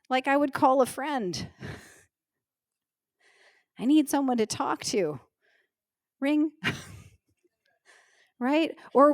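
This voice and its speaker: Middle-aged lady pastor preaching, kinda high voice, earnest and emotional, dry close sound. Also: lively intonation, no room sound. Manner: earnest, emotional, slows down for emphasis. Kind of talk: sermon. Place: church stage.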